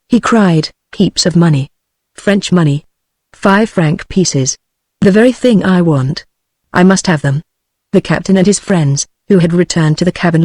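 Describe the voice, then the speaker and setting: A text-to-speech woman's voice with a British accent reads a novel aloud in a steady, even way. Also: on the low side, dry recording. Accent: British English. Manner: steady, even synthetic read-aloud delivery. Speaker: audiobook narrator. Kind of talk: text-to-speech audiobook reading.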